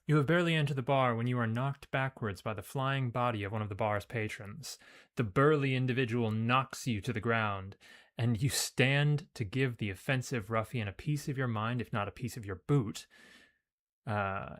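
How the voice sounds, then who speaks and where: A man's voice: mid-range voice, fairly bright tone. A man playing a video game and casually reading its story text aloud, with offhand asides. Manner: casual, reads with loose emphasis and asides.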